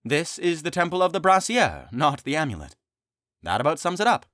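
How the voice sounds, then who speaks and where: Man doing a young male knight, earnest, sheepish, rambling, lively pitch. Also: brisk, no echo, clean studio sound. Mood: excited. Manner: rambling, upbeat, a bit sheepish.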